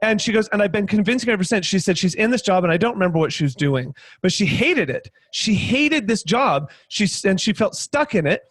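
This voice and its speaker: A man on a video panel telling a lively story, acting out both sides of a conversation with many quick restarts. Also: high-pitched, no echo, clean studio sound. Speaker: guest panelist, sales trainer.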